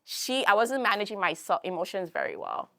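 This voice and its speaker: A young woman with a Philadelphia accent telling a personal story in a talk, animated and full of fillers, acting out the voices she quotes. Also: medium pitch, a little fast, gravelly. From United States. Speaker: guest speaker.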